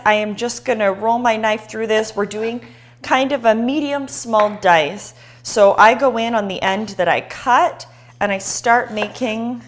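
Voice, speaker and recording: A woman's voice: medium pitch, slight background noise. Chatty woman hosting a cooking demo. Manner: chatty and encouraging, talking to viewers. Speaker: cooking show host. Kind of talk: live cooking demonstration.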